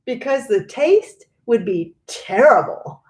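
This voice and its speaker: A woman's voice: a little high, big pitch swings, slow, echoey room, voice pushed up. A woman voicing an eccentric, theatrical male chocolate maker with breezy reassurance. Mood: whimsical.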